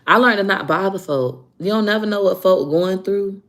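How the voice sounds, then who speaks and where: A woman in casual vlog storytelling, animated and joking. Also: medium pitch, fairly quick, hardly any pauses. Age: adult. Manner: animated storyteller, acting out quotes. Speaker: vlogger.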